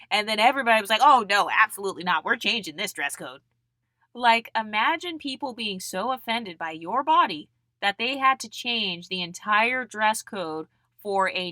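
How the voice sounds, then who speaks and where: A young woman with a bright, forceful voice delivers a blunt, mocking monologue straight to the camera. She swears freely and talks in a dry, close sound with no room echo. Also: medium pitch. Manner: blunt, mocking and profane, mimics people in put-on voices. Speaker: channel host.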